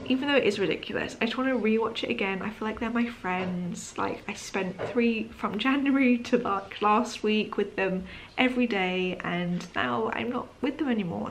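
Yawning and sleepy, a woman chats to her camera at home in the evening, rambling apologetically with many "um"s and "like"s as a vlogger. Her voice is medium in pitch, and there's slight background noise.

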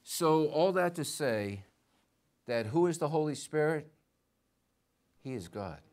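A male pastor preaching a sermon in a church, lively and conversational, acting out short bits of dialogue and putting questions to the congregation. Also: on the high side, slow pace. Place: church sanctuary.

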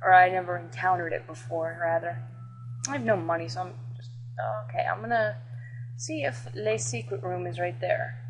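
A woman chatting excitably and swearing while she plays a video game and comments on it. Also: fairly low pitch, moderate pace, a little hiss or hum, low-quality recording. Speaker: gameplay commentator. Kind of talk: casual gameplay commentary.

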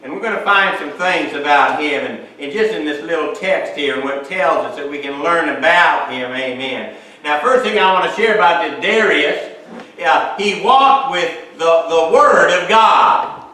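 A man's voice: a little high, normal speed, sharp tone. A man, preaching a sermon as pastor, reading scripture and sprinkling his talk with amens and hallelujahs. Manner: reads scripture aloud, then preaches with frequent amens and hallelujahs. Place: church sanctuary. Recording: echoey church hall, mic far off.

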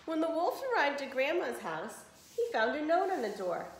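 A woman teacher reading a children's story aloud in an expressive way for a lesson. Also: high voice, moderate pace, a little hiss or hum. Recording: roomy echo.

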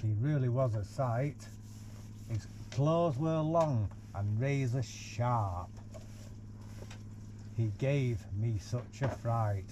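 This man reads slowly to a baby in a caravan, using a mellow, medium-pitched voice and pausing often. He breaks away from the picture book for playful, teasing asides, and the 360 VR camera picks up slight background noise.

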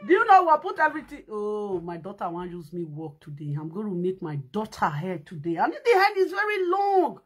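A woman's voice: mid-range voice, wildly swooping pitch, fairly quick, few pauses, slightly rough. A woman with a Nigerian accent doing a comic skit, fake-crying, wailing and laughing in Pidgin English. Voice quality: loud wailing and laughing, sing-song fake sobbing.

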